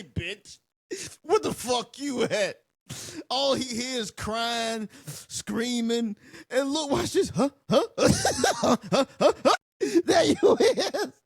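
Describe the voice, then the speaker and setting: This is a man hosting his own film reaction, swearing as he talks over the scenes. He takes his time, and his voice swings from low to high in big jumps. The sound is dry and close, with no room echo. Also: breathy edge. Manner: excitable, swears freely, bursts into loud laughter. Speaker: channel host.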